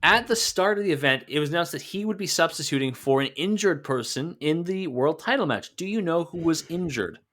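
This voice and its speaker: A man's voice: fairly high pitch, expressive, brisk, hardly any pauses, a bit bright. A man co-hosting a wrestling podcast, chatting casually and joking as he recaps matches. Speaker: podcast co-host.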